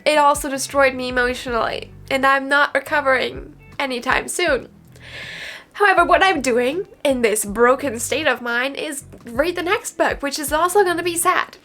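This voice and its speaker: A woman's voice: sits high, normal speed, bright, forceful tone, soft background music. A woman book vlogger chatting dramatically to camera from her bedroom, often close to tears. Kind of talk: casual chat to camera.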